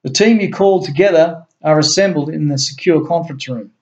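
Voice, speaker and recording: A man's voice: on the high side, brisk, darkish tone, dull audio, lightly acted. A man voicing a dutiful male security guard in a homemade story reading, reporting in a clipped manner. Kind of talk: amateur story reading with voices.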